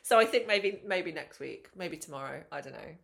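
A woman, co-hosting a casual podcast chat, animated and swearing freely. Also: deep voice, moderate pace, creaky. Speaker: podcast co-host.

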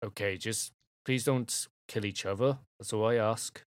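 A man runs a tabletop game, describing the scene in a loose, rambling way full of fillers. His voice sits low. The sound is dry and close. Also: measured pace, no echo. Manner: loose, chatty narration with many fillers. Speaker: game master.

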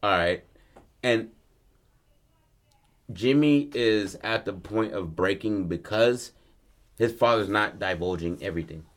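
A man casually pitching a film story, acting out the characters' lines, swearing freely and rambling with restarts. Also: unhurried, pauses often. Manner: loose, rambling, many restarts and fillers.

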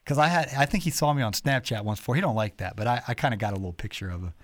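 A man hosting a podcast, telling rambling, animated stories full of quoted voices. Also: medium pitch, rapid-fire, dry recording. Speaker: podcast host. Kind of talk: casual storytelling chat.

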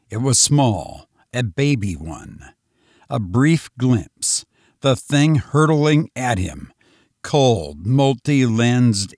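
A man narrating a story aloud in a measured, dramatic way. His pace is slow and unhurried, yet his pitch moves with lively, expressive contours. The sound is close and dry. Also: no room sound. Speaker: audiobook reader. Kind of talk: scripted narration.

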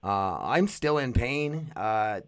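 A man's voice: mid-range voice, lively intonation, slow pace, clear, resonant tone, dry recording, clean studio sound. A man hosting his own podcast, rambling in a goofy, profane, casual way. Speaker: podcast host.

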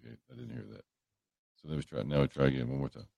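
A man's voice: rumbling low, very animated, very fast, creaky, a little mellow, no room sound. A man hosting a livestream, chatting casually and joking as he greets viewers by name. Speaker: livestream host. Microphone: headphones on a livestream setup.

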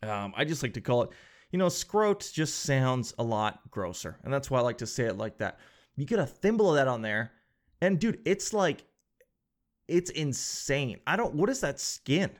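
A man's voice: medium pitch, sing-song, normal speed. Rambling sarcastic man. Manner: rambling, sarcastic, jokey, swears casually. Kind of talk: casual comedic monologue.

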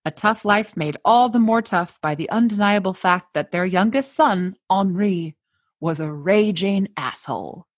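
A woman hosts a podcast, mixing chatty banter with a scripted story. Her delivery is playful and jokey, at a middling pitch for a woman. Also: lively intonation, normal speed, hardly any pauses. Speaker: podcast host. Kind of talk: casual chat and scripted storytelling.

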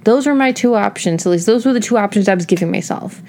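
A woman's voice: mid-range voice, quick pace, darkish tone, slight background noise. A woman in her thirties from Northeast Ohio, hosting a solo podcast in a chatty, casual way, with lots of filler words and emphatic asides. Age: 30s. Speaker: podcast host.

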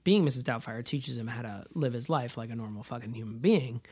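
A man's voice: medium pitch, fairly quick, darkish tone, breathy edge. A man co-hosting a movie podcast in casual chat, dry and sardonic, swearing freely. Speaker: podcast co-host.

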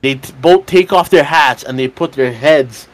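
Medium pitch, moderate pace: a podcast co-host in his twenties relays a bar story during relaxed conversation. He meanders, swears a lot, fills the gaps with fillers and laughs throughout.

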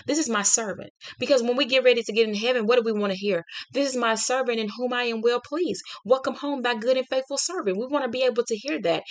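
A woman hosting a devotional podcast, speaking heartfelt and unscripted, with many fillers and restarts as she reflects on scripture. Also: on the high side. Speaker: podcast host. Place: home studio.

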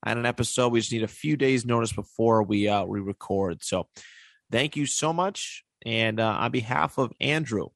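A man hosting a casual sports podcast, reading out stats with pauses and filler words. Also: mid-range voice, gravelly, dry recording, clean studio sound. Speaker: podcast host.

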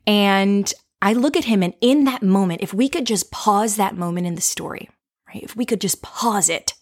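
Woman host telling a story, playful, lots of right? and little laughs, mid-pitch voice. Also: normal speed. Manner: animated, with frequent tag questions. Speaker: podcast host. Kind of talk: storytelling lesson.

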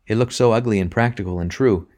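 A man reading a short story aloud in a measured, reflective way. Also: on the low side, a little mellow. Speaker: narrator. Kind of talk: audiobook reading.

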